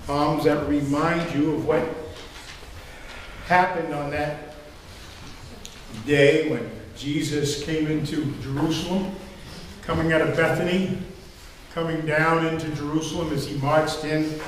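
A man's voice: a little high, steady tone, unhurried, pauses often, slight background noise. An older man preaching a sermon as pastor, telling stories in a rambling, conversational way with fillers. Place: church sanctuary. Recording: echoey hall from far off, faint ambience.

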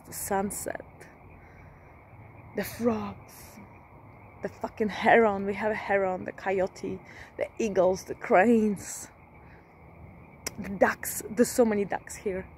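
A woman's voice: medium pitch, a little hiss or hum. A woman vlogging from her rural home at night, half-whispering, swearing often and speaking from the heart. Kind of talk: casual whispered vlog.

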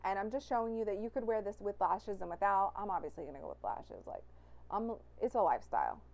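A young woman talks through a makeup tutorial in a chatty, gushing way, dropping "like" as she goes. Her voice sits at an ordinary middle pitch for a woman. She sounds like a beauty vlogger enthusing over her favorite products. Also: animated, quick pace, darkish tone. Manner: chatty with fillers like "like".

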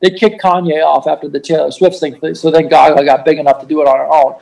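Profane, gravelly-voiced male DJ. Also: a little high, steady tone, quick pace, far from the mic, a crowd in the background, low-quality recording. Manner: profane, rambling, repeats himself. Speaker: music producer and DJ guest. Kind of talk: casual storytelling interview.

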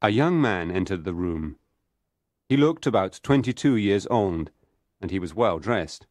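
A man narrating a story in the first person for English learners, reading slowly and clearly. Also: deep voice, expressive, darkish tone, dry recording. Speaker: audiobook narrator.

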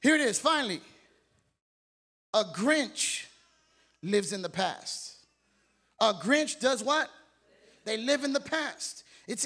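A male pastor preaching a sermon in a church, energetic and exhorting, calling out questions to the congregation. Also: extremely high pitch. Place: church sanctuary.

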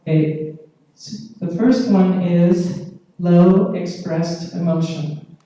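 A woman's voice: lowish voice, mellow. A woman giving a conference lecture, explaining patiently and often checking in with the audience by asking "okay?". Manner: explains patiently with pauses and fillers. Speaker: conference speaker. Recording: echoey hall, distant mic.

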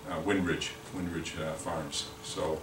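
A man's voice: extremely low pitch, little pitch movement, unhurried. A man giving a product training talk at a lunch meeting, rambling with many repeated words and restarts. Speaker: sales representative. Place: meeting room, lunch and learn. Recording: echoey room from far off, faint noise.

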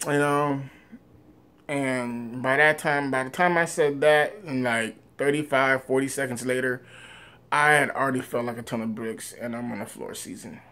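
A man in a personal vlog tells his story straight to camera in an ordinary mid-range voice. He rambles with lots of fillers and restarts. He gets loud and animated at the big moments, then trails off quietly. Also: mid-range voice, moderate pace. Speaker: vlogger.

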